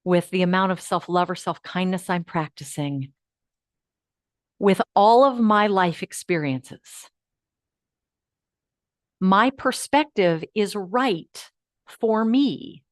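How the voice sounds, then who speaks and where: A woman hosting a live online class, guiding listeners through affirmations in a coaching manner that moves between hushed and lively. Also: medium pitch, slow, long pauses, dry recording, clean studio sound. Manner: warm coaching, swings from hushed to animated. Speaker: host of an uplift program.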